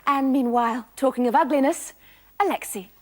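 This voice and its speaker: A woman's voice: sits high, a little fast, background noise, lightly acted. A woman playing a breezy, tactless TV presenter. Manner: bright, breezy presenter patter. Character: chirpy female daytime TV presenter, tactless. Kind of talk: sketch comedy.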